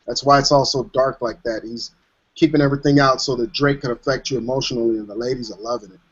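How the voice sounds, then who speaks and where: A man hosting online hangouts, chatting and telling animated stories over a video call. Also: mid-range voice, fast, slightly rough. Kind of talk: casual chat. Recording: dull lo-fi online call audio.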